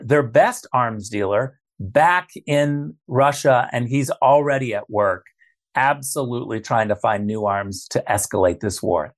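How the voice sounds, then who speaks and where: A man speaking as a guest on a political talk show, forceful and emphatic, stressing his points by repeating them. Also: medium pitch.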